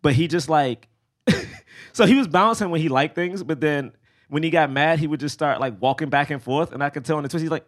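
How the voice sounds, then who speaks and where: A man's voice: on the high side, brisk. A young man co-hosting a podcast, chatting casually and animatedly, laughing often. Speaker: podcast co-host. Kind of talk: casual chat.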